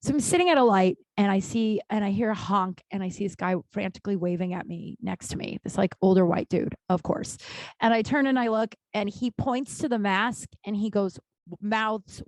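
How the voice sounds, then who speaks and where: A woman in her thirties talks through a casual solo podcast in a voice of ordinary middle pitch. She is candid and profane, restarting her sentences often and bursting into animated rants. The recording is close and dry with no room sound. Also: normal speed, no echo. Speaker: podcast host.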